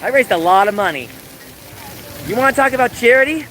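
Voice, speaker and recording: A man livestreaming from outdoors, talking to chat in an animated, mocking, sarcastic way. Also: extremely high pitch, brisk. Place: outdoors in a busy public area. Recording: outdoor street noise with passing vehicles.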